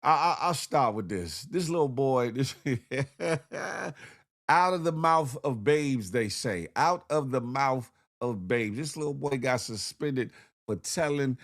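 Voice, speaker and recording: A man hosting a morning show with comedic news commentary, animated, slangy and repeating himself as he jokes. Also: mid-range voice, takes it slowly.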